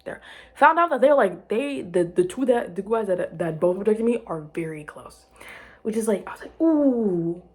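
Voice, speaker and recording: A young woman chatting to camera about her life, rambling and restarting, giggling and dropping to quiet murmurs. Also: medium pitch, animated, moderate pace. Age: young adult. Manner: rambling, self-interrupting, giggly, drops to murmurs. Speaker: vlogger. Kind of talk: casual chat to camera.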